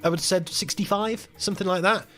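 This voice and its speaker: Male streamer, fairly high voice, rambling emotional storyteller, faint music under him. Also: steady tone, fast talker, fairly bright tone. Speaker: live stream host. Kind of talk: casual chat.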